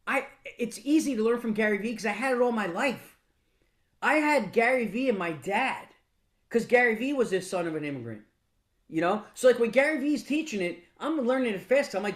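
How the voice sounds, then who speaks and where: Brief: higher-pitched man, casual motivational mentor, blunt, swears a bit, stumbles and restarts often. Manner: casual, blunt, with mild profanity; frequent restarts and repeated words. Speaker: business mentor speaking to a mastermind group. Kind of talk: motivational storytelling talk.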